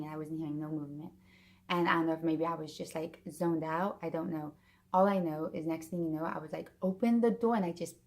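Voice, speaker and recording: A woman's voice: on the low side, darkish tone. A woman in her thirties casually retelling a stressful family story to camera, rambling, with many restarts and acted-out quotes. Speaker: vlogger.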